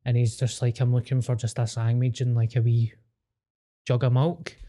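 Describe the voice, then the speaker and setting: A man's voice: medium pitch, moderate pace. A Scottish man co-hosting a podcast, joking crudely and swearing freely in casual banter. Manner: joking, swears freely, deadpan wind-ups. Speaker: podcast co-host.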